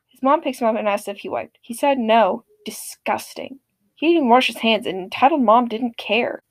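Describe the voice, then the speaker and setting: Lively high-voiced woman telling a story. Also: moderate pace, no echo. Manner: lively, expressive, sarcastic. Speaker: story narrator. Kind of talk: storytelling narration of online stories.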